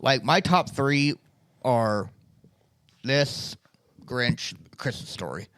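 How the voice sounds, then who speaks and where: Lively, agreeable man in casual chat. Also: mid-range voice, very slow, no echo. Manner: agreeable, filler-heavy, lively. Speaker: podcast co-host.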